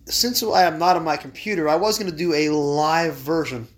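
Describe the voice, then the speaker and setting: A man's voice: a little high, moderate pace. A man hosting a podcast in a home library, talking in a playfully formal, storytelling way. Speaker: podcast host. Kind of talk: casual podcast chat.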